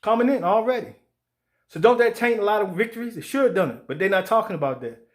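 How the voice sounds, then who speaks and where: A fired-up man rants about boxing, swearing freely. His voice sits high for a man. He keeps slipping into mocking put-on voices for the people he quotes. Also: quick pace. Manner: profane, animated, acts out quoted voices. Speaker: sports show host. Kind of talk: heated boxing commentary rant.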